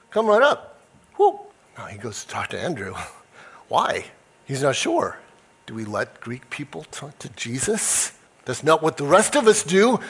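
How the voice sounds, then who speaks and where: A man's voice: sits high, a bit bright. A male pastor preaching a conversational sermon, acting out quoted voices as he tells the story. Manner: self-described nerd, conversational.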